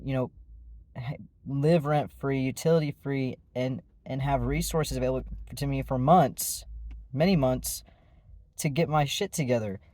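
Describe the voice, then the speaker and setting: A man's voice: medium pitch, unhurried, darkish tone, dry recording. A man telling a personal story in a casual, rambling way, with many fillers and restarts. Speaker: vlogger.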